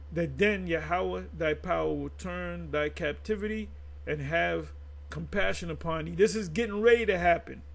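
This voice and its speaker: Gravelly high-voiced ranting preacher man. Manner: reads scripture haltingly, then rants with restarts and stumbles. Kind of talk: ranting scripture commentary.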